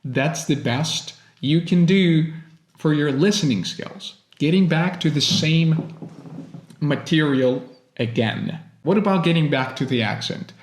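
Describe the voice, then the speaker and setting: This Russian man, whose first language is Russian but who speaks with an American accent, delivers an encouraging English lesson. His pitch is fairly high, the recording is reverberant, and he chooses his words carefully and earnestly.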